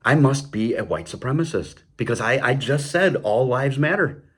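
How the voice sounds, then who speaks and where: A man's voice: mid-range voice, expressive, normal speed, breathy edge. A man hosting his own show, delivering an impassioned political commentary monologue, heated and stumbling over repeated words, with mocking sarcastic asides. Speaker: show host.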